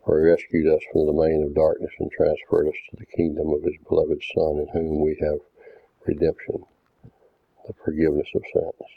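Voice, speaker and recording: Very deep flat-voiced man preaching. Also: gravelly, no echo. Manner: deliberate, didactic, reads verses aloud. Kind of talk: doctrinal sermon with scripture readings. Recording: tinny phone-like dry sound.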